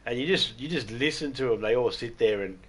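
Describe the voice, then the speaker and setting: A man's voice: mid-range voice, brisk, husky. A man with an Australian accent chatting on a live game stream, telling rambling, swearing stories and laughing at his own jokes. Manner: rambling, profane, laughs often, acts out drunks loudly. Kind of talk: casual storytelling chat.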